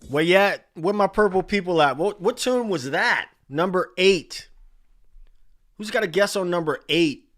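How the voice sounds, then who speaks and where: A man in his forties hosts a casual livestream countdown, calling out names from the chat. His voice sits a little high, and he takes his time between phrases. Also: measured pace. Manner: animated, reading chat names aloud. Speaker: livestream host.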